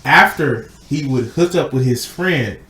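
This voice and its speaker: A man hosting a loose podcast chat, retelling a story with plenty of cursing. His pitch moves in lively swings and he slips into acted-out quotes. The room is echoey. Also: a little slow. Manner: animated, swearing, acts out quotes. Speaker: podcast host. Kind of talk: casual chat retelling a film plot.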